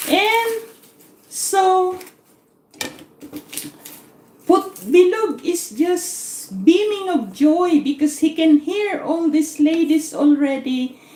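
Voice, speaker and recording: A woman's voice: high-pitched, warm tone. A woman hosting a cooking livestream, telling a rambling story from her kitchen and repeating words as she goes. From Philippines. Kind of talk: casual storytelling while cooking. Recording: echoey room, faint noise.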